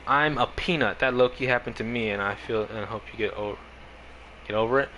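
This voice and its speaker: A man's voice: medium pitch, a little fast, bright, forceful tone, slight background noise, rough recording. A male streamer chatting casually on a game stream, rambling, with lots of fillers and frequent laughs.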